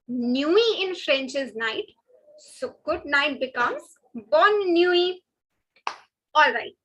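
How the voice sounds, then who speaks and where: Brief: woman teacher, bright and sharp tone, slow repeated pronunciation drills. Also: high-pitched, low-quality recording. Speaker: French teacher. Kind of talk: online language lesson. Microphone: webinar headset or computer mic.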